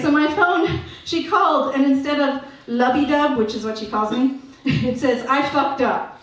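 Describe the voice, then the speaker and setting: A woman's voice: high voice, noisy background. A woman comedian performing a stand-up set on a comedy club stage, with dry, self-mocking delivery. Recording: echoey room captured from far off.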